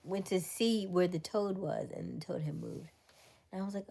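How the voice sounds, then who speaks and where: A woman with a warm, medium-pitched voice speaks at a moderate pace as host of a laid-back late-night livestream. She chats with viewers, laughs frequently, slips into whispers, and reads their answers aloud.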